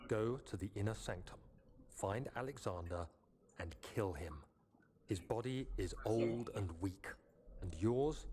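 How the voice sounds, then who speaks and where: A man's voice: lowish voice, noisy background. A man voicing a haunted young man in a game, speaking a grave, urgent message to himself. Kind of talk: game voice-over. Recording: music playing under the voice.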